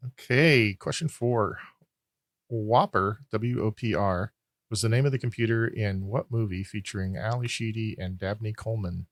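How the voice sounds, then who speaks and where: A man with a lowish voice speaks at a moderate pace, with no echo at all. He's the host of a casual podcast trivia game, reading out questions and scores and ribbing the players in a dry, wry way, explaining things loosely with plenty of fillers.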